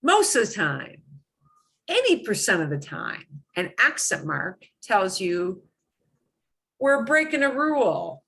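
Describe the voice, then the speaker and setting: A woman's voice: medium pitch, sing-song, takes it slowly, gravelly, a bit bright, husky. A middle-aged woman teaching a language lesson, explaining patiently with lots of repetition and emphatic examples. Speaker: Spanish teacher.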